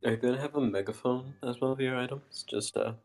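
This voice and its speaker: A man's voice: medium pitch, fairly even intonation, quick pace, a little mellow, faint music behind. A man playing in a tabletop game session, chatty and full of questions. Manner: chatty, asks lots of questions. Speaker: player. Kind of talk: casual tabletop game chat. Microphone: desk mic on a voice call.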